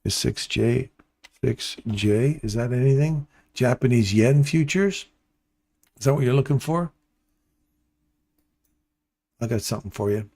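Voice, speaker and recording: A man's voice: mid-range voice, a little slow, gravelly, long pauses, darkish tone. Chatty man hosting a live trading stream. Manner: playful, chatty, addresses viewers by name. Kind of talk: casual live commentary to chat.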